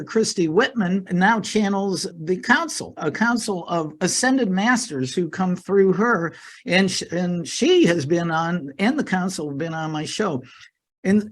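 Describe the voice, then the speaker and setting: Earnest middle-aged man, slightly high voice. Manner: earnest, repeats words, many fillers. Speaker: podcast guest, life coach. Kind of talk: casual interview talk.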